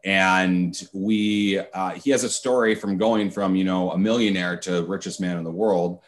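Guy hosting a podcast, kinda low voice, stumbles and says uh a lot. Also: steady tone, a little hiss or hum. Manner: halting, lots of fillers. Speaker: podcast host. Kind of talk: casual interview chat.

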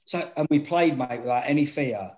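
A man's voice: medium pitch, moderate pace, poor audio. A man, a former football manager, telling stories in casual chat, swearing and acting out quotes. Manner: swearing, animated, acts out quotes.

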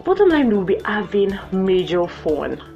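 A young woman hosting her own podcast in a playful, animated way, jumping to high excited exclamations. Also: a little slow. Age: young adult. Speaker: podcast host. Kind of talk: casual solo podcast chat. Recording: muffled lo-fi with faint music.

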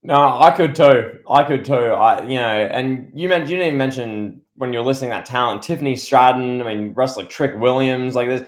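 A man co-hosting a casual wrestling podcast, talking in a rambling, excitable way with lots of restarts. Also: medium pitch, moderate pace, few pauses. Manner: rambling, excitable, full of restarts and playful impressions. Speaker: podcast co-host.

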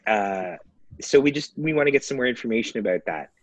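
A man's voice: medium pitch, animated, fairly quick, no echo, close to an everyday voice. A man putting on a hesitant, polite police officer who stumbles over his words. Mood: awkward. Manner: hesitant, full of fillers.

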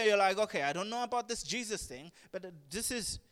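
A man preaching a sermon, animated, swinging from hushed asides to loud emphatic bursts. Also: sits high, a little fast. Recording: long reverb of a large hall.

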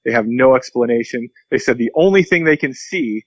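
A pastor being interviewed, telling a long story earnestly and acting out the quotes. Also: male voice, medium pitch, lively intonation, brisk, no room sound, lo-fi sound.

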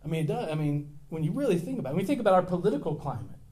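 Chatty, high-voiced storytelling pastor. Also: male voice, very fast. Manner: chatty storytelling sermon, self-deprecating humor, lively swings in volume. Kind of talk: sermon.

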